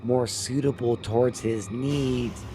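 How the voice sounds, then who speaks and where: A man's voice: mid-range voice, steady tone, takes it slowly, noisy background, lightly acted. A man voicing a polite, anxious female teacher pleading to see a child.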